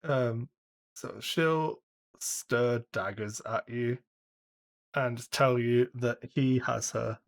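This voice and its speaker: A man narrating as game master of a tabletop game, halting often with ums as he describes scenes. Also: mid-range voice, fairly even intonation.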